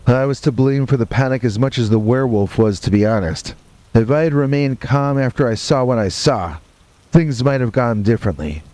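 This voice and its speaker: A man with a mellow, dark-toned voice at an average pitch tells a first-person horror story. His delivery is deadpan and matter-of-fact, broken by wry asides. Rain and thunder roll behind him. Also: dry recording.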